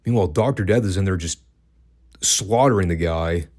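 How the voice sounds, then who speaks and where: A man's voice: low voice, normal speed, darkish tone. A man hosting a casual wrestling review podcast, dry and profane, cracking himself up at times. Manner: dry, profane, laughs at his own jokes.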